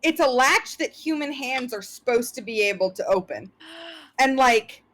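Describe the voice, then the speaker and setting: A woman running a tabletop game as game master, describing each scene in a loose, rambling way. Her voice sits fairly high. She talks things out as she goes. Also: animated, moderate pace, a bit bright.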